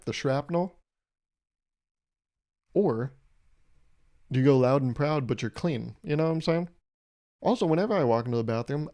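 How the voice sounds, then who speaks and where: A man's voice: medium pitch, warm tone. A young man hosting his own podcast, riffing through a crude, rambling comedic monologue with a self-amused edge. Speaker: podcast host.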